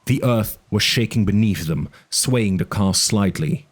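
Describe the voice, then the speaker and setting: A man with a low voice reads a suspense audiobook, his pitch rising and falling with the action. The delivery is expressive and dramatic. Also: measured pace. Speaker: audiobook narrator. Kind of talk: audiobook narration.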